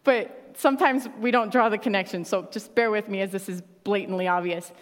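A woman's voice: mid-range voice, steady tone, brisk, in a large hall. A woman pastor preaching a sermon in a conversational way, laughing often and acting out quotes.

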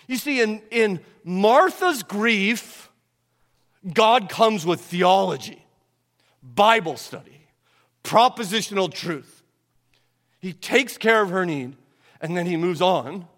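A man preaching with a high, light voice that rings out through a long hall reverb. He keeps asking his listeners questions and swings from loud, emphatic stretches to near-hushed ones. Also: expressive, takes it slowly, pauses often. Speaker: pastor. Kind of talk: sermon.

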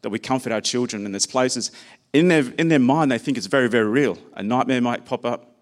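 A man's voice: mid-range voice, fairly quick. A man preaching a sermon, speaking personally and conversationally and sharing stories about his own children.

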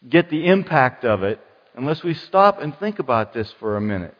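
A man preaching a sermon as pastor, lively and dramatic, acting out the voices of the people in his story. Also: mid-range voice, normal speed. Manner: animated, acts out quoted voices. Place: church. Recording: muffled church hall sound with long reverb.

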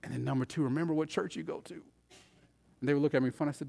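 A male pastor preaching a sermon, emphatic, firing repeated rhetorical questions and swinging between loud and hushed. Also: on the high side, steady tone, fast, gravelly.

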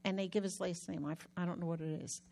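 A woman minister talking casually about recovering from a hand injury, telling the story in a chatty, animated way with many restarts. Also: fairly low pitch, fast talker, gravelly. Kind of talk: casual testimony.

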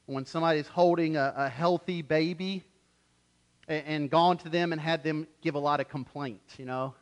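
A male pastor delivering a sermon with a high, lively voice. He is animated, acting out voices and often doubling his first words as he builds each point. The delivery swings between loud and quiet. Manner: animated, acts out quotes, repeats words when starting phrases.

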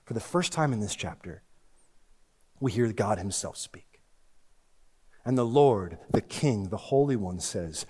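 Guy preaching a sermon, pitch all over the place, goes big then real quiet, long echo in a big church. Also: expressive, unhurried, pauses often, husky. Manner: swings between loud emphatic and hushed lines. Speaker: pastor. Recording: long reverb of a large hall.

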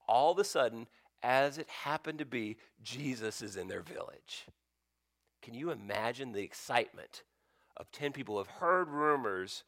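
A male pastor preaching a sermon as a story, swinging between loud bursts and near-whispers. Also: fairly low pitch, no echo, clean studio sound.

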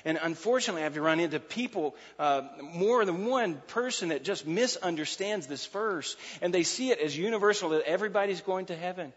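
A man preaching a sermon, emphatic and repetitive, shifting from loud to quiet. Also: sits high, animated, brisk, hardly any pauses, husky. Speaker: pastor. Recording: muffled hall recording.

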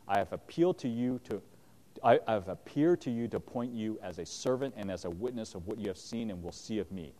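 A man teaching a Bible passage, reading verses aloud and explaining them in a relaxed, conversational way with frequent fillers. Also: lowish voice, brisk. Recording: long hall reverb.

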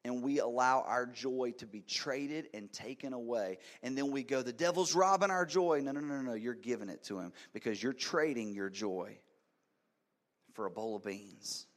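A pastor in his thirties preaches to his congregation in church, with a mid-range male voice. He tells stories with animated energy, dropping to near-whispers and then rising to emphatic, loud punches. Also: mid-range voice, normal speed. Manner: animated storytelling, swings from hushed to loud. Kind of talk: sermon.

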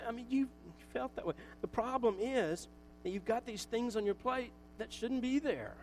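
A man's voice: sits high, a little hiss or hum, poor audio. A pastor preaching a casual, conversational sermon, joking at his own expense and acting out little asides. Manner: conversational, self-mocking, with acted asides.

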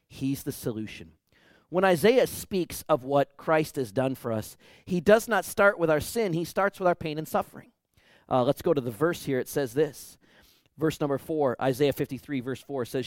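A man preaching a sermon as pastor, emphatic, swinging between loud declarations and hushed, quiet lines. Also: mid-range voice, expressive, moderate pace, no room sound, studio quality.

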